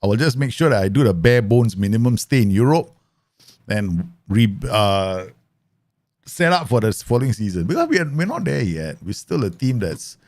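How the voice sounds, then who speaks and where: A man's voice: lowish voice, moderate pace, no echo. A man, streaming a football manager game live, chatting with viewers and laughing often. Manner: animated, laughs often, mimics voices in stories. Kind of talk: live football manager gameplay commentary with chat.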